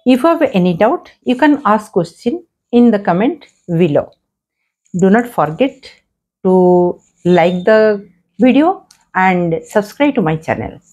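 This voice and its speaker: Husky woman with lively teaching voice. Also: medium pitch, unhurried. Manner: patient, repeats examples and asks herself questions. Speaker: English grammar teacher. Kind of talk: explaining grammar lesson.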